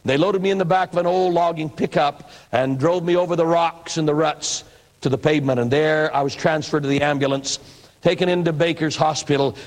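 A man's voice: fairly high pitch, poor audio. A man in his sixties from the northwestern United States, a pastor and evangelist, telling his life story as a sermon in a folksy storytelling manner. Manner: folksy storytelling, acts out quoted voices. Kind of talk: personal testimony sermon.

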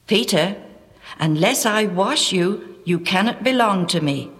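A woman voicing a calm, gentle teacher. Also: medium pitch, big-room sound. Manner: calm, measured. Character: calm, gentle male teacher, grown man.

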